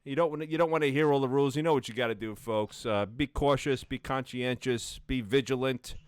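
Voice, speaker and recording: A man's voice: mid-range voice, brisk, clean tone, no echo, studio quality. A man co-hosting a casual live talk show, telling stories animatedly, laughing often and saying "like" a lot. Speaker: co-host. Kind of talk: casual live-stream chat.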